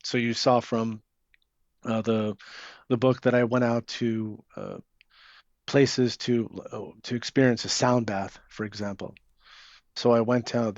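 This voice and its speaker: A man's voice: mid-range voice, darkish tone, dry recording. Hesitant man, dull lo-fi recording. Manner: hesitant, many fillers and restarts. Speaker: author and interview guest. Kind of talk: casual interview talk. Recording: dull lo-fi sound.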